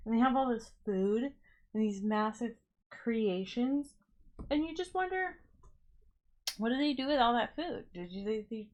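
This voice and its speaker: A woman's voice: fairly high pitch, animated, measured pace, pauses often, darkish tone. A young woman streaming herself building a toy set, chatting casually and musing aloud as she drifts between topics. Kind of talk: casual chat while building.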